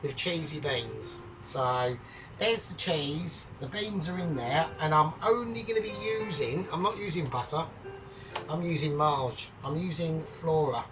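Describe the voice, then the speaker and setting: A man with a put-on Scottish accent hosting a casual home cooking vlog, jokey and boastful with loud bursts. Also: on the high side, animated, unhurried. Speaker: cooking channel host. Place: home kitchen. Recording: distant mic, music behind.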